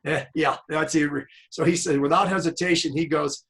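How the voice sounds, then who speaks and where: A man's voice: a little high, steady tone, normal speed, creaky, fairly bright tone, poor audio. A man hosting an interview as a tennis coach, chatty and telling anecdotes over a video call. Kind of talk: casual interview chat.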